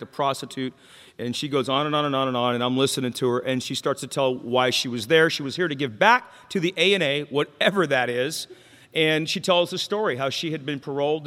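A man's voice: on the high side, fairly bright tone. A man speaking at a recovery meeting, telling his own story candidly with jokes and questions to the crowd. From Mexican-American. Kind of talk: personal testimony talk. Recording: long hall reverb.

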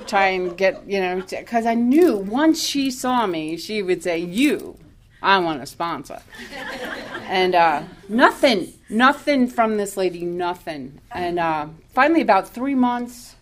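A woman telling her own recovery story at a meeting, candid and self-mocking, laughing often as she talks. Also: fairly low pitch. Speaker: recovery speaker.

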